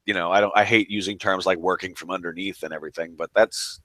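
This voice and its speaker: A man's voice: low-pitched, steady tone, quick pace, sharp tone, dry recording. A man co-hosting a wrestling podcast, congested, chatting in a wry, hedging way full of "I mean" and "you know". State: congested, can't breathe through nose. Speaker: podcast co-host. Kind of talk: casual wrestling podcast chat.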